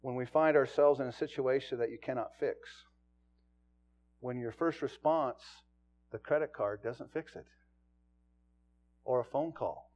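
A man's voice: medium pitch, unhurried, pauses often. Preaching man, dull lo-fi sound. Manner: builds from quiet to loud preaching. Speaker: pastor and police chaplain. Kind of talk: sermon.

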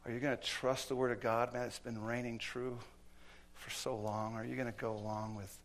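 A man preaching a sermon in a church, telling stories with acted quotes and swinging between loud and hushed delivery. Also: mid-range voice, flat delivery, normal speed.

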